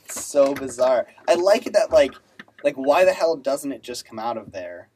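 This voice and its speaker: A person in a casual chat, talking in an animated way with many filler words. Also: mid-range voice, normal speed, slight background noise.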